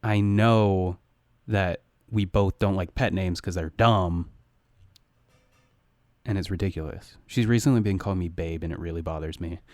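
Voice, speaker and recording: A young man co-hosting a podcast in casual chat, rambling and crude, with sudden loud jumps. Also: low-pitched, moderate pace, no echo. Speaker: podcast co-host.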